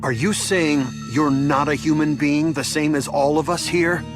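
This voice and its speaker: A man's voice: a little high, steady tone, normal speed, over music, lightly acted. An actor voicing a plain-spoken, wary male villager in an anime dub.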